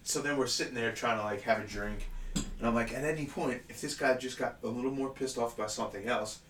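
Bright-voiced man telling a story in an echoey room. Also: mid-range voice, a little fast, recorded from a distance. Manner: animated storyteller, swears often, laughs a lot. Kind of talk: casual chat, storytelling. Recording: roomy echo, somewhat off-mic, faint room noise.

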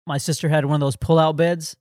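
Guy with a slightly high voice rambling through a story, lots of "like", dry mic. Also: level tone, quick pace, a little mellow, no room sound. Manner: rambling, full of "like" and "um". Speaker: podcast co-host. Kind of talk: casual storytelling.

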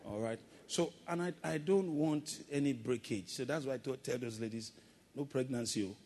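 A man's voice: mid-range voice, moderate pace, a little mellow, big-room sound, a little hiss or hum. A male pastor preaching a sermon, calling for amens and acting out playful asides. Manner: preaching with call-and-response and playful acted asides.

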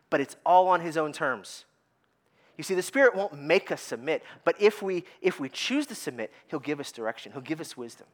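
A man's voice: sits high, lively intonation, moderate pace, a bit bright. A middle-aged man preaching a sermon as pastor, telling stories with energy and often repeating words as he starts sentences.

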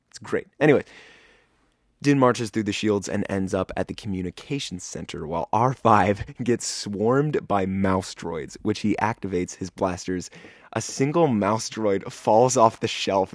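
A male podcast host giving a casual, excitable episode recap in a slangy style, often saying "dude". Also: lowish voice, no room sound, clean studio sound.

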